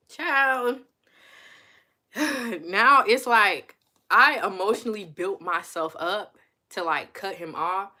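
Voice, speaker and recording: A young woman telling a personal story in a casual, confessional way, laughing often and jumping into high, exclaiming voices when she quotes herself. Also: takes it slowly. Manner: animated, laughs often, says girl and honey, jumps into high exclaiming quotes. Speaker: vlogger and podcast host.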